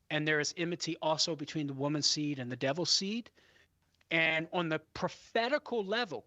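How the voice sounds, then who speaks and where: Bright-voiced man explaining on radio. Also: fairly high pitch, no room sound. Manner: measured and explanatory. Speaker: guest expert on a radio show. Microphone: studio microphone.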